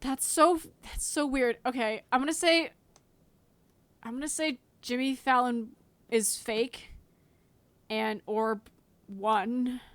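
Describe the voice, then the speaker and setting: A woman's voice: fairly high pitch, steady tone, slow, long pauses, no echo. A woman co-hosting a casual comedy podcast, dithering and flustered, with lots of ums. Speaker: podcast co-host.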